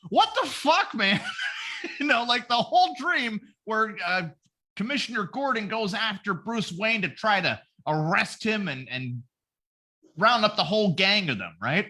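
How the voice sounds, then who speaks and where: A man's voice: high-pitched, big pitch swings, unhurried, bright, forceful tone. A man on a podcast, retelling a story as a profane comedy bit with silly voices for each character. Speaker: podcast host. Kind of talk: casual comedic podcast chat.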